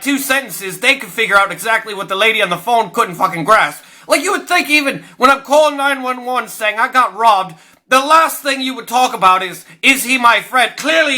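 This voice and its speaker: Male vlog host, high-pitched and very bright, profane exasperated storyteller. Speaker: host of his own video show. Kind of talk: ranting storytelling monologue.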